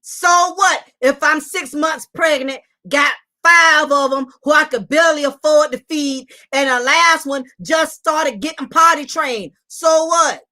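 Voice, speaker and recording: A woman voicing a loud, furious single mother who shouts, curses and repeats herself while ranting defensively. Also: high-pitched, unhurried, few pauses. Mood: indignant. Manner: shouting, cursing, repetitive ranting. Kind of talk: comedic rant impression.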